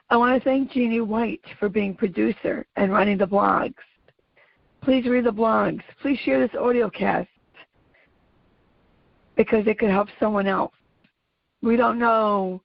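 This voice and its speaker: Earnest, gravelly-voiced woman host. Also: medium pitch, dry recording. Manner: earnest, emphatic, slow deliberate phrasing. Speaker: podcast host. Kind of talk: motivational monologue. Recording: dull lo-fi audio.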